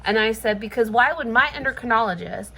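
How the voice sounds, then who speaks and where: A woman's voice: fairly high pitch, a little fast, sharp tone, rough recording. A woman vlogging casually in her kitchen, venting with frustration and swearing freely. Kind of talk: casual chat. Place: home kitchen.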